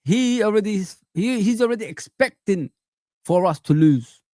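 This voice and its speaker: A man hosting a live chat stream, ranting in an animated, exasperated way with repeated phrases. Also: high voice, normal speed, no room sound, studio quality.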